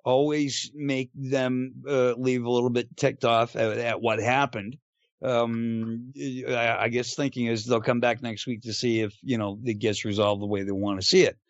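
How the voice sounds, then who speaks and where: A man's voice: mid-range voice, level tone, moderate pace, dry recording, highs cut off. A man co-hosting a podcast, talking through points hesitantly with many ums and uhs. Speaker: podcast co-host. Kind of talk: casual podcast talk.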